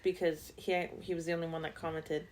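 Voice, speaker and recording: Young woman, podcast co-host, casual chat, dry, teasing, laughs often, somewhat low pitch. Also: flat delivery, brisk, poor audio.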